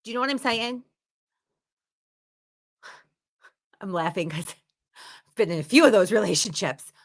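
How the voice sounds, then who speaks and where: A woman's voice: mid-range voice, expressive, measured pace. A woman giving a motivational teaching talk, speaking emphatically and repeating words for stress. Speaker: instructor.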